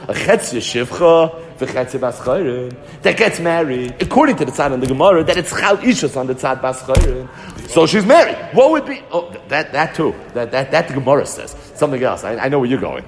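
A man teaches a Talmud lesson in a lively, animated way, with a voice pitched a little high that swings up and down a lot. He argues both sides of each point and often repeats words as he works through them. His voice rings with a long, echoing reverb. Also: brisk. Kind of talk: Talmud lecture.

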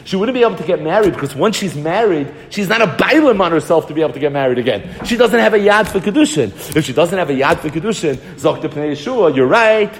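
A man teaches a Talmud lesson in a lively, animated way, with a voice pitched a little high that swings up and down a lot. He argues both sides of each point and often repeats words as he works through them. His voice rings with a long, echoing reverb. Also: fast, hardly any pauses. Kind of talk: Talmud lecture.

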